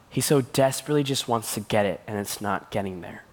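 A man's voice: medium pitch, lively intonation, fast talker. A man preaching as a youth pastor, telling stories with playful voices and laughter. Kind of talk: sermon.

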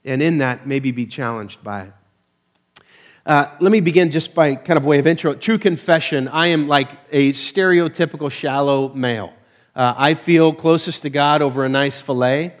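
A man's voice: a little high, normal speed. A man preaching a casual, conversational sermon to his church, peppered with "uh" fillers and self-deprecating humor. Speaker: pastor.

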